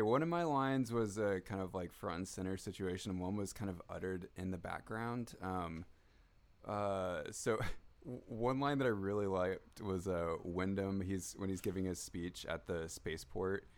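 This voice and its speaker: A man co-hosting a podcast in casual chat, rambling with lots of restarts and quick laughs. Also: deep voice. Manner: rambling, many fillers and restarts, laughs a lot. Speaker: podcast co-host.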